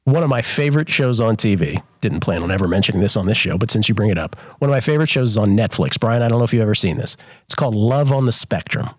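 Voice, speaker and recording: A man hosting a sports betting talk show, chatting in an animated, exasperated way and often restarting his sentences. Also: on the low side, fast talker, no echo. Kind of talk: casual podcast chat.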